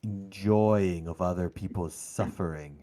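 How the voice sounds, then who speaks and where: A man narrating as game master of a tabletop game, slow and dramatic. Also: deep voice, mellow, faint music behind.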